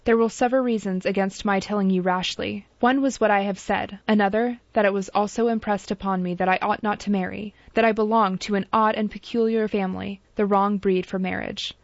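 A woman's voice: medium pitch, fairly even intonation, brisk, few pauses, no echo, natural voice. A woman reading the part of an earnest young man who pleads apologetically with his cousin in an audiobook. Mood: pleading. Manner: imploring, apologetic. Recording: dull dry lo-fi recording.

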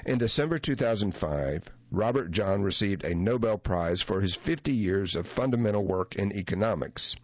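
Deep-voiced man narrating a reflective memoir. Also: lively intonation, dry recording, dull audio. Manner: measured, reflective first-person reading. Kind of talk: audiobook narration of a memoir essay.

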